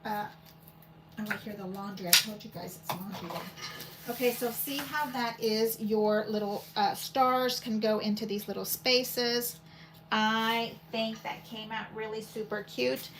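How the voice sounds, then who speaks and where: A paper crafting channel host with a slightly high voice talks in an unhurried way during a casual craft demo. She's chatty and wanders, thinking out loud as she works. It's a home recording with constant background noise.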